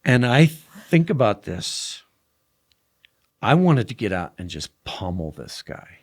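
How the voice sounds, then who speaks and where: A young man in a casual podcast conversation, telling a story animatedly and dropping to a hush at tense moments. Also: fairly low pitch, very animated, slow pace, breathy edge. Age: young adult. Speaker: podcast guest.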